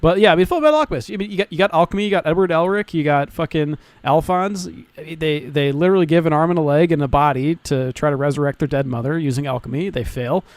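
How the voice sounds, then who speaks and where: A young man on a podcast who gets excited, swears freely and keeps restarting his sentences. His voice sits a bit high for a man and sounds dry and close to the mic. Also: quick pace, few pauses, no echo. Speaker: podcast co-host. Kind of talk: casual podcast chat.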